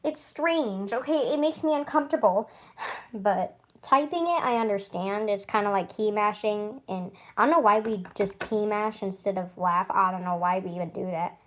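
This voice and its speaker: A woman's voice: medium pitch, moderate pace. A woman vlogger chatting casually to camera, rambling and often stuttering and restarting. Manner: chatty, rambling, with frequent laughs.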